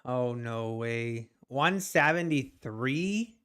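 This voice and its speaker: Male live-stream trader, smooth clear tone, unhurried delivery, animated and self-mocking. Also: medium pitch. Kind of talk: casual live-stream commentary to chat.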